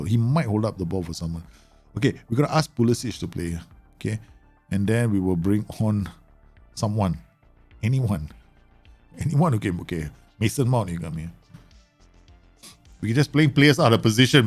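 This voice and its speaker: A man streams a football management game and reacts out loud, teasing and exclaiming as he goes. His voice sits low but jumps around a lot in pitch. Faint music plays under him. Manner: excitable, bursts into exclamations and teasing remarks. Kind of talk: live gameplay commentary.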